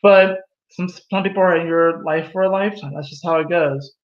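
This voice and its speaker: High-voiced man giving a tarot reading. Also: a little fast. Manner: animated, laughs at own jokes, acts out quoted voices. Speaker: tarot reader. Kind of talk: casual tarot reading monologue. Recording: echoey room, dull lo-fi sound.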